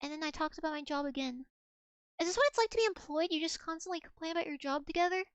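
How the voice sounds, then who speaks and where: A young woman streaming, chatting in a giggly, mock-dramatic way. Her voice sits very high, and the sound is dry and close with no room around it. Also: quick pace, dry recording. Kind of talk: casual chat reading old messages to chat.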